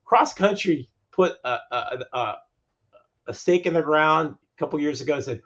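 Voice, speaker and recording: A man's voice: a little high, expressive, normal speed, a bit bright, dull audio. A man speaking as a guest in a podcast interview on lending. He makes his points emphatically and repeats phrases to drive them home.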